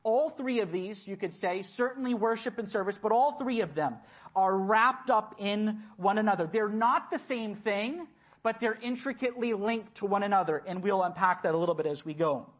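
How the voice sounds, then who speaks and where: A man preaching a sermon in a church, speaking deliberately and repeating key words for emphasis. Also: high voice.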